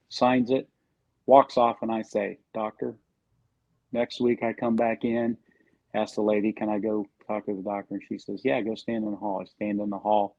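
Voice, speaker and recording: A man's voice: fairly low pitch, darkish tone, no room sound, lo-fi sound. A man on a podcast casually telling a sales story and acting out the quoted lines.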